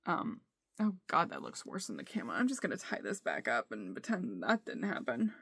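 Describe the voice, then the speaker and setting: Candid woman vlogging, halting and dry. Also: lowish voice, sing-song, vocal fry, breathy edge, no echo. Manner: halting, frequent fillers and restarts. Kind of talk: candid personal video diary. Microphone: phone camera.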